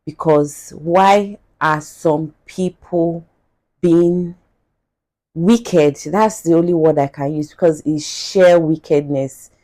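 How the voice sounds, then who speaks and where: A woman's voice: sits low, fairly even intonation, dark tone. A woman from Nigeria with a Nigerian accent, hosting a podcast and speaking with emphatic indignation while reading a post aloud. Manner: indignant, emphatic, drawn-out repetition. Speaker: podcast host.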